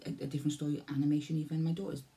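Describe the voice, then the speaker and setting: Welsh woman vlogger, 40s, dark gravelly voice, rambles and repeats herself. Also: deep voice, level tone, racing. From Wales. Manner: rambling, repeats herself, loses her thread. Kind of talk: casual vlog talk to camera.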